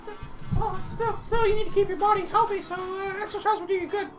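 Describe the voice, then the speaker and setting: A rambling, fussy male school nurse who stumbles over his words and gets rude, as a woman puts him on. The voice is high and sits a bit away from the mic, with game music underneath. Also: steady tone, fast, recorded from a distance. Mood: joking. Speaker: let's play player.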